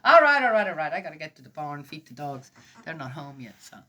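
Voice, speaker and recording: A woman's voice: sits low, big pitch swings, fast talker, sharp tone. A middle-aged woman giving a casual, rambling reflection on a Bible passage, often asking "right?" and laughing. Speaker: host of a Bible reflection talk.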